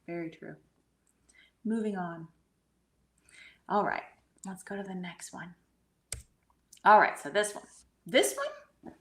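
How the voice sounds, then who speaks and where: A middle-aged woman telling a personal spiritual experience in an earnest way, sometimes sinking to a hushed whisper. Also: mid-range voice, expressive, slow, pauses often. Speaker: guest medium and energy healer. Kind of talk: conversational storytelling.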